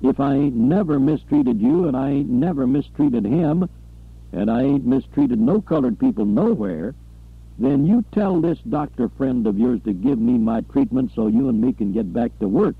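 A man voicing an angry, bullying older captain who yells and demands, in an audiobook. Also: mid-range voice, lively intonation, normal speed, creaky, slightly rough, no room sound, narrow, tinny audio, full character voice. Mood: angry blustering. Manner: blustering, yelling, domineering.

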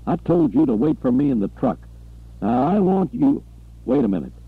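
A man voicing an angry, bullying older captain who yells and demands, in an audiobook. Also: medium pitch, big pitch swings, moderate pace, gravelly, slightly rough, no room sound, narrow, tinny audio, heavily acted. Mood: angry blustering. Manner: blustering, yelling, domineering.

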